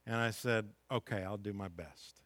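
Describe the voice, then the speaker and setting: A man's voice: fairly low pitch, moderate pace, a bit bright, no echo. A middle-aged man preaching a sermon as pastor, reading scripture and building to impassioned, emphatic peaks.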